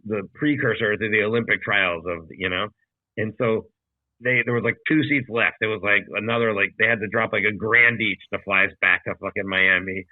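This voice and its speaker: A man spins a long, rambling comic story full of swearing and acted-out quotes. His voice sits a little low. He comes through a tinny, dry video-call line. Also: dry recording. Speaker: comedian podcast co-host. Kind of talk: casual storytelling.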